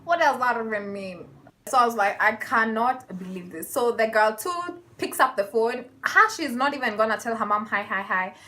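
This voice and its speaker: A young woman vlogging a casual storytime, animated and laughing as she acts out the people in it. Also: fairly high pitch, moderate pace.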